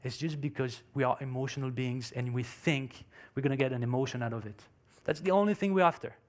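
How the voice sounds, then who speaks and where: In a brisk, mid-range voice, a non-native English speaker gives an emphatic motivational talk at a conference and tells a story, using non-native phrasing.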